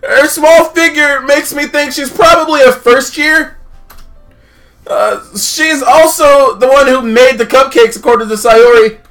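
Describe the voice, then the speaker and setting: Male streamer, very high bright voice, rambling comic narration. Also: measured pace, faint music behind. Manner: rambling, filler-heavy, jokey, self-interrupting. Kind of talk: comedic game read-through.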